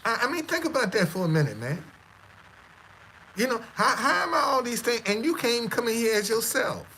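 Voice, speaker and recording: A man talks to his live-stream audience in a casual, defiant monologue. He stammers and repeats himself, with a high, lively voice. Faint noise sits behind him. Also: a little fast, low-quality recording.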